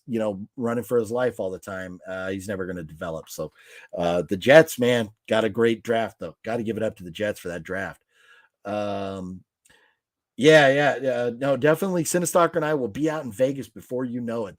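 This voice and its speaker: A man's voice: on the low side, moderate pace, no room sound, clean studio sound. A man hosting a casual live stream, rambling and reacting to viewer comments with lots of fillers and restarts. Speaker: host reading live chat.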